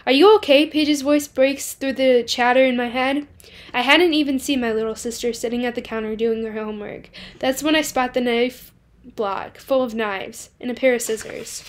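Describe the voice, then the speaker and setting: Lady reading a novel out loud for her book club, first person, bit high voice, little slips here and there. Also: fairly even intonation, moderate pace.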